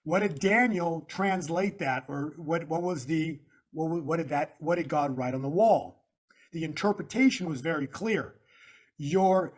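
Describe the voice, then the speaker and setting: A man with a somewhat high voice speaks as an interview guest. He explains slides point by point, stressing words and circling back to the same phrases in an emphatic, preacher-like way. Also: a little slow. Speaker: guest analyst. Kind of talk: interview walking through slides.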